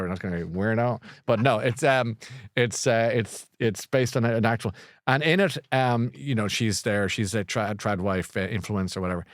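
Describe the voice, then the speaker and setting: A middle-aged Irishman on the low side of pitch hosts a podcast, meandering through casual talk and a book recommendation, restarting and correcting himself often. Clean studio sound, no room sound.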